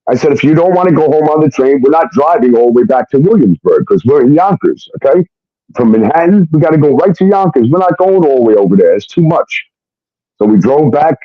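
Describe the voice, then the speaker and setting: A man's voice: mid-range voice, expressive, brisk, no room sound. Give me a man rambling bluntly through a story, recorded a bit muffled and dry. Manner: rambling and blunt, heavy on fillers and swearing. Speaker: guest telling a personal story. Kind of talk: casual storytelling.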